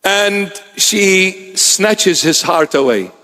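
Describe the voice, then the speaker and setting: High-voiced preacher man in a reverberant hall. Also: animated, extremely slow, sharp tone. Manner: storytelling, acts out quoted voices. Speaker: bishop preacher. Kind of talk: sermon.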